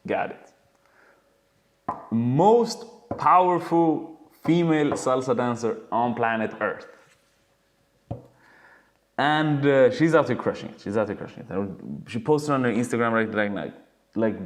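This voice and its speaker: Swearing, animated male dance coach. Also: fairly low pitch, unhurried, pauses often. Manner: animated storytelling, swears freely. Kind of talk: casual webinar talk.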